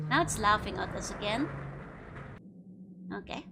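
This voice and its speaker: A woman's voice: mid-range voice, expressive, takes it slowly, creaky, long pauses, over music. A woman streamer giving casual gameplay commentary with playful, giggly asides.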